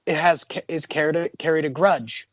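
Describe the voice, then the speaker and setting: A man's voice: a little high, brisk, dry recording. A man co-hosting a casual comic-book podcast, rambling and joking with many restarts. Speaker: podcast co-host.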